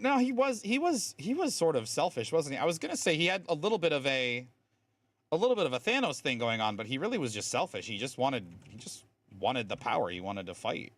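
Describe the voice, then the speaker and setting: A man's voice: fairly high pitch, big pitch swings, brisk, fairly bright tone, dry recording. A man streaming a game, explaining game mechanics in a chatty way with lots of fillers. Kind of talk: casual live-stream commentary.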